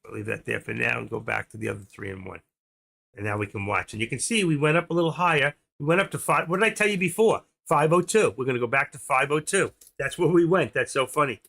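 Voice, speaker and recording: A middle-aged man hosting a trading livestream, talking casually and fast as he walks viewers through charts and watch lists. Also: mid-range voice, gravelly, fairly bright tone. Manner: rambling, talks fast while clicking through charts. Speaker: stock trading livestream host. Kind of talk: casual live screen-share commentary.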